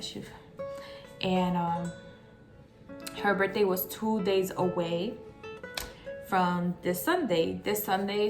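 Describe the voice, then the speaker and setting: A young woman tells a painful personal story to her camera, her voice catching as she holds back tears. She talks in halting bursts, full of fillers and restarts, at a middling pitch, with faint guitar music under her. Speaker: vlogger.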